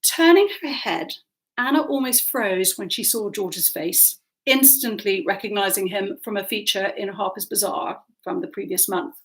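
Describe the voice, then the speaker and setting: Lively woman reading her novel aloud. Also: medium pitch, normal speed. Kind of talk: audiobook narration.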